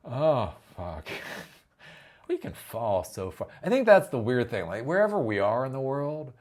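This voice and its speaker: A man hosting a tech commentary vlog, ranting with a lot of profanity and sudden loud outbursts. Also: mid-range voice, huge pitch swings, unhurried. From Ohio, US.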